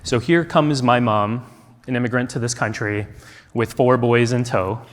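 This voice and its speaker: A conference speaker from the United States shares a personal story earnestly and thoughtfully, asking many rhetorical questions. He has a medium pitch and a moderate pace. The large hall gives the recording a long reverb.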